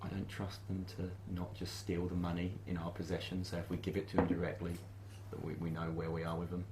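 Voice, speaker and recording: A man playing a tabletop game, speaking dry and deadpan. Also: deep voice, quick pace, reverberant, noisy background. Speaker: player. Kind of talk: casual chat.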